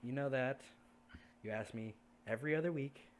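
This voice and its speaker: A man voicing a patient young woman tailor who teases with dry calm in a tabletop game. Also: medium pitch, normal speed, slight background noise, close to an everyday voice. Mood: teasing. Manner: dry, patient, gently teasing.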